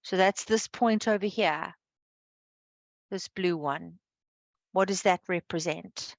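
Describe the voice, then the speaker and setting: A woman's voice: on the low side, takes it slowly, no echo. Patient female maths teacher, dry sound. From South Africa. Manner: patient, checks understanding with frequent "okay". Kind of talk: live online maths lesson.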